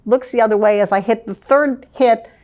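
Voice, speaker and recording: An older woman, a former advertising manager, reminiscing in a lively storytelling way and laughing often. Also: fairly high pitch, moderate pace. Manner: lively, laughs often, vivid scene-setting.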